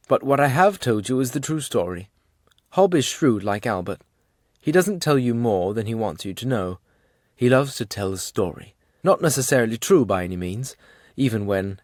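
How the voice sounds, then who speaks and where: A man reading an audiobook for English learners in a measured, clear way. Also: lowish voice, darkish tone, no room sound, studio quality. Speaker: audiobook reader.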